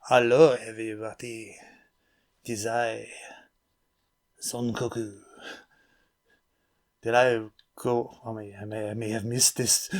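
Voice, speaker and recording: A man putting on a hushed mock French accent. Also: mid-range voice, close to an everyday voice.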